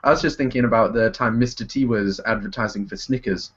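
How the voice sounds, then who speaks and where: A man's voice: on the low side, quick pace, fairly bright tone. A man chatting on a podcast with dry, short reactions. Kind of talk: casual chat. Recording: dull lo-fi podcast audio.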